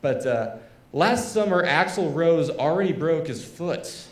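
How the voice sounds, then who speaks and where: Stand-up comic in an echoey room. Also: male voice, a little high, expressive, slow. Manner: conversational, lots of fillers and asides. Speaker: stand-up comedian. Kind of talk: stand-up comedy set.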